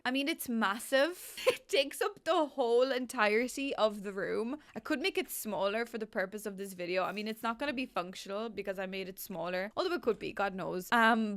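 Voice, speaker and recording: Young woman chatting thru a game build, laughs at herself a lot, kinda high voice, super dry sound. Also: moderate pace, dry recording. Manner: excitable and self-mocking, laughs often. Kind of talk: casual gameplay commentary.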